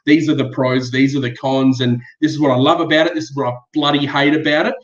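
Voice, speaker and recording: A man's voice: medium pitch, fairly even intonation, fast talker. An Australian man as a podcast guest, chatting easily and laughing often. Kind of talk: casual chat. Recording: echoey, muffled remote audio.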